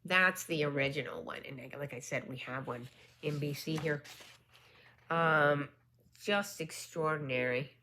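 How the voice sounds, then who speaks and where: A woman vlogger unboxing and showing a book in a casual chat, gushing with excitement and dropping into whispered asides. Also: low-pitched, a little slow, slight background noise.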